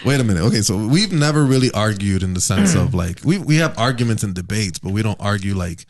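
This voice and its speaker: A man hosts a laid-back podcast conversation, teasing his guests and dropping profanity without a second thought. His voice sits low, but it swings widely and animatedly as he jokes and pushes for details. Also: very animated, fast talker, slight background noise. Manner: loose, joking and profane. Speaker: podcast host. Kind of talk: casual podcast chat.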